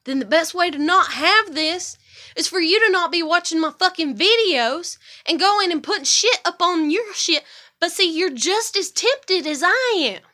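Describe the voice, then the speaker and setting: A high, bright-voiced woman talking straight to her camera in a heated, confrontational rant. She swears freely and pushes her voice up when she gets going. Her tone is sharp and tense throughout. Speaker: vlogger.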